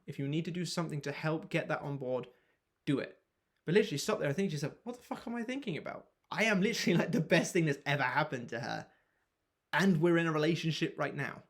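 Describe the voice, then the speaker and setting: A man's voice: mid-range voice, gravelly. A man coaching viewers through a self-help method, asking rhetorical questions and sometimes swearing. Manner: frank, swears at times. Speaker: manifestation coach. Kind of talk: motivational self-help explainer.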